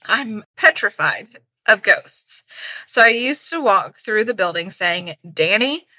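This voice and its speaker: A giggly woman in her forties co-hosts a casual podcast and reads listener emails aloud. Her voice is bright and forward, and she laughs often as she chats. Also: medium pitch, animated, takes it slowly, poor audio. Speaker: podcast co-host.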